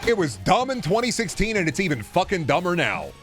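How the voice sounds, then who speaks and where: A man's voice: high-pitched, sing-song, brisk, over music. A man ranting on a live stream, swearing constantly and sounding fed up and exasperated. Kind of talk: angry live-stream rant.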